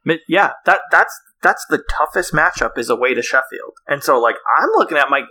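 A man's voice: mid-range voice, lively intonation, a little fast, few pauses, pushed and bright. A man co-hosting a podcast, chatting in an easygoing, self-deprecating way. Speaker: podcast co-host. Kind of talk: casual chat about fantasy football.

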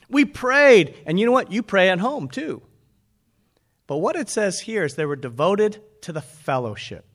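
A man preaching a conversational sermon as pastor, asking his listeners rhetorical questions. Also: high-pitched.

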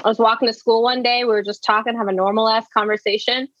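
A woman's voice: fairly high pitch, fairly even intonation, fast, a bit bright, no echo, dull audio. A woman from the American South co-hosting a podcast in casual chat, laughing often and swearing casually. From American South, New Orleans. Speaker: podcast co-host.

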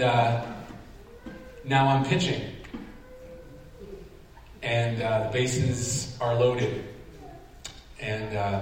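A man preaching in a big sanctuary, caught from a distance so his voice carries a long, echoey hall reverb. He tells a lively story with self-deprecating humor and plays out his own reactions. A faint hum of room noise sits underneath. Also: on the low side. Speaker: pastor. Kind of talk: sermon storytelling. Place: large church sanctuary.

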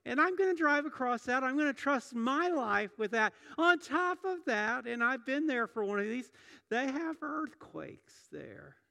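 A man's voice: very high-pitched, expressive, moderate pace, gravelly, few pauses, pushed and bright. Man, middle-aged, pastor, conversational sermon, repeats words, reverberant church hall. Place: church sanctuary.

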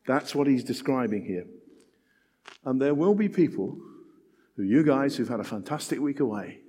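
An older man preaching a sermon in an animated, conversational way, with self-deprecating asides. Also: mid-range voice, normal speed, long reverb tail.

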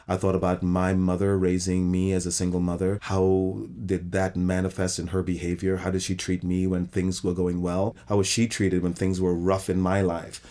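A man's voice: low voice, darkish tone. A middle-aged man, a theater director, talking reflectively in an interview and often restarting his sentences. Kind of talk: interview conversation.

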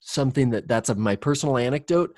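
A man's voice: mid-range voice, expressive, fast talker, darkish tone, no room sound, clean studio sound. A man in casual reflective conversation, talking candidly in a rambling way, with many fillers and restarts and casual swearing.

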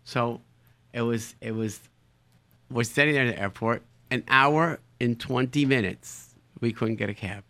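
Mid-pitched man, chatty anecdote teller, dry close recording. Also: a little slow, no room sound. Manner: animated, repeats words while searching for phrasing. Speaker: storyteller, show guest. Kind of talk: casual anecdote telling.

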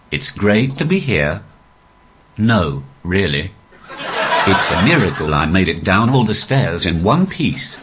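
A male stand-up comedian talking through a posh, robotic text-to-speech voice with a deadpan, even delivery. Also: sits low, takes it slowly, a little hiss or hum. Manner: deadpan, evenly paced delivery. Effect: synthetic text-to-speech voice. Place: live comedy venue.

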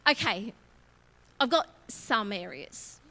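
A woman's voice: medium pitch, very animated, slow pace, vocal fry, bright, forceful tone. A woman preaching a candid, conversational sermon in church, self-mocking and laughing often. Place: church auditorium.

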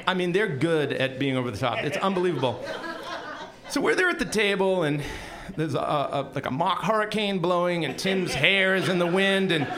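A man telling a personal story on stage in an animated, self-deprecating way with comic timing. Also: a little high. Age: young adult.

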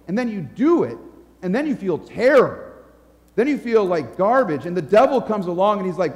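Man, pastor, earnest sermon, fairly high voice, long hall reverb. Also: big pitch swings, moderate pace, a little mellow. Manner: earnest, emphatic, storytelling.

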